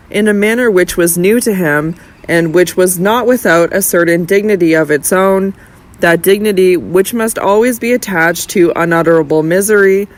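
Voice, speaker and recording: An audiobook narrator reading a classic novel in a slow, measured, dramatic way. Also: medium pitch.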